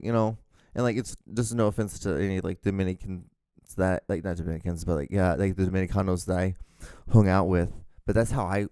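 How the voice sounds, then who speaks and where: Young guy w california drawl rambling on his podcast, low mellow voice, dry sound. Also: no echo. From born outside the United States. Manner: rambling, filler-heavy, self-correcting. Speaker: podcast host. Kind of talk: casual solo podcast monologue.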